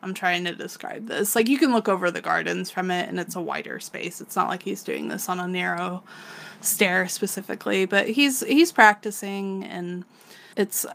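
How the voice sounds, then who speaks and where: A woman's voice: fairly low pitch, moderate pace, vocal fry, a bit bright. A woman co-hosting a podcast, casually recapping a manga, laughing often and swearing freely as she acts out the characters. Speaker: podcast co-host.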